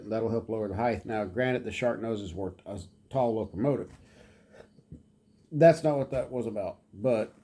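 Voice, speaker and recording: A man in a relaxed, rambling home vlog, showing off a model train car and talking to his dog now and then. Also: medium pitch. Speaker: model train hobbyist vlogger. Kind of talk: casual show-and-tell vlog.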